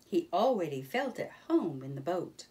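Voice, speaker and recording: A woman reading a children's storybook aloud in a gentle, expressive manner. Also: fairly low pitch, normal speed, recorded from a distance.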